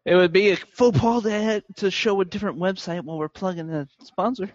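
Guy on toy podcast, a bit hesitant, dry humor, slightly high voice, dead dry muffled mic. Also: fairly quick, no room sound. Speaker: podcast co-host. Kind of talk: casual toy collector chat.

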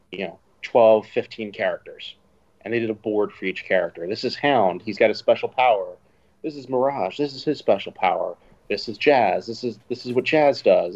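A man's voice: on the low side, darkish tone, highs cut off. A man co-hosting a casual podcast chat, explaining at length with some restarts. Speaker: podcast co-host.

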